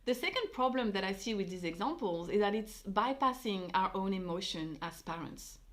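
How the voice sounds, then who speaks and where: Woman, parenting vlog host, mid pitch, thoughtful, chatty, says um and you know. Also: animated, moderate pace. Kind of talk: reflective commentary vlog.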